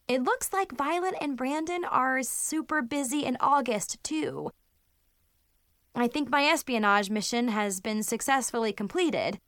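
A high, bouncy storybook voice of a melodramatic teen girl diarist, as a woman reads her. She swoops up and down, lingering on her words at an unhurried pace. The recording is close and dry. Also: fairly bright tone, dry recording, full character voice. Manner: gushing and melodramatic, with playful asides. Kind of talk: audiobook narration in first person.

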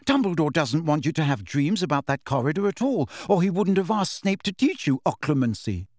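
A man's voice: on the high side, big pitch swings, fairly quick, a little mellow, no echo, clean studio sound, pitched above the performer's own voice. A man voicing a clever, bossy teenage girl student in an audiobook, speaking sharply and earnestly. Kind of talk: audiobook character voice.

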